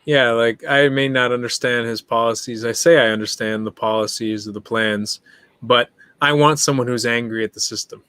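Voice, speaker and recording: A man speaking as a podcast guest in casual conversation, animated and quick to list examples, laughing often. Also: mid-range voice, clear, resonant tone, dry recording.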